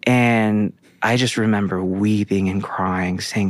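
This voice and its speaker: A man's voice: lowish voice, steady tone, measured pace, dry recording. A man, a guest prophet, telling his testimony in an interview with earnest storytelling. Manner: earnest storytelling with quoted dialogue.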